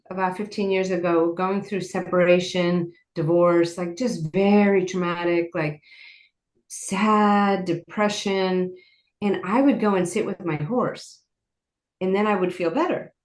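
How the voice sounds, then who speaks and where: Casting: earnest woman guest, mid-pitch, chatty storyteller, echoey room. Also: a little mellow. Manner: earnest, rambling with frequent "like". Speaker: guest, horse program founder. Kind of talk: personal storytelling in interview. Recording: roomy echo.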